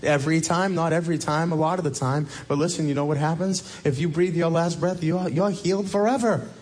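A man preaching a sermon as pastor, emphatic and repetitive, often rising sharply in pitch to drive a point home. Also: steady tone, fairly quick, a little mellow.

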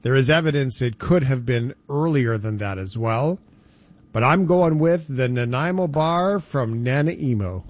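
A radio host with a mid-range voice, its highs cut off, jokes and chats casually with his co-host. He's animated, slipping into quick voices when he tells anecdotes during the banter.

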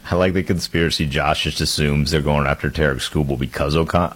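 A man co-hosting a sports talk radio show, relaxed and wry, laughing easily. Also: very deep voice, fairly quick, breathy edge.

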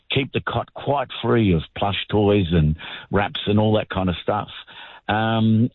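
A man's voice: fairly low pitch, no room sound. An older man, a guest in a radio interview, talking earnestly and plainly with small halts. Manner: earnest, plainspoken, slightly halting. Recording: tinny phone line.

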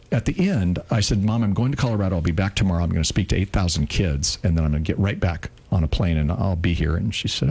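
A man in his sixties co-hosting a radio show, telling a heartfelt personal story in an earnest, emotional way, slowing down on key words. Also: deep voice, a little mellow, breathy edge.

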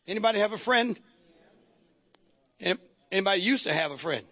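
A male pastor preaching a fervent sermon, shouting at times and calling on the congregation to respond. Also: sits high, lively intonation, normal speed, long pauses.

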